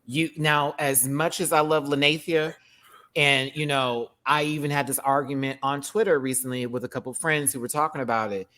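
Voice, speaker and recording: A man co-hosting a casual gossip chat, sassy and loud, calling people honey. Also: mid-range voice, fairly even intonation, normal speed.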